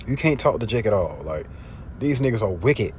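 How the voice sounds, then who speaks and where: A man preaching informally, slangy and profane, often asking if you see what he's saying, and reading scripture louder. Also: big pitch swings, moderate pace, slight background noise. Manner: louder and higher when reading scripture aloud. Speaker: street preacher. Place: in a car. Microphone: phone.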